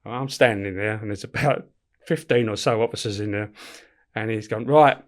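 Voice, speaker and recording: A middle-aged man telling stories in a podcast interview, animated, swearing freely and laughing as he talks. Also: on the low side, moderate pace. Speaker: guest, former prison officer. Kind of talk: casual storytelling in a podcast interview.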